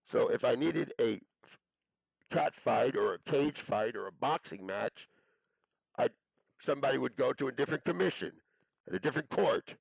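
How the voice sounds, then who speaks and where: A man's voice: mid-range voice, expressive, moderate pace, gravelly, long pauses, husky, no echo, poor audio. A man delivering an angry, profane monologue, accusing and cursing as he rambles from one charge to the next.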